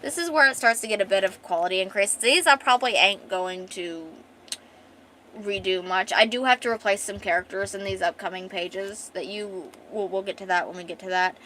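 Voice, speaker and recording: A woman streamer walks viewers through her own comic in a loose, rambling way. She makes chatty asides at a middle pitch, over faint background noise. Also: a little fast, bright, forceful tone, rough recording.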